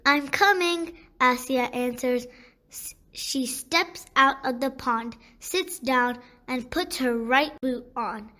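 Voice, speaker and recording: A woman narrating a children's storybook in a gentle, deliberate way. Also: sits high.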